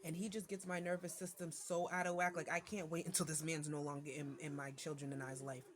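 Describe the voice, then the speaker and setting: A woman's voice: low-pitched, level tone, fairly quick, background noise. A mother venting to her viewers in a casual monologue, irritated and ranting, with many fillers and restarts.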